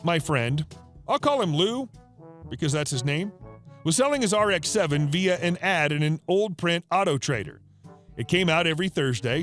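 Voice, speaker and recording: A man narrating reddit stories in an upbeat, expressive, scripted storytelling style. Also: high voice.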